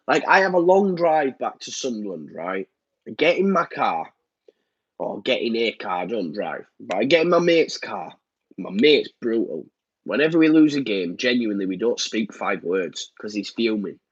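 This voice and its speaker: Casual live-stream host, thirties, husky and nasal from a cold, dull lo-fi mic. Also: male voice, mid-range voice, dry recording. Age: 30s. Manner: rambling, frequent ums and repeats. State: blocked nose, downbeat. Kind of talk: casual live-stream chat reading comments. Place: home room.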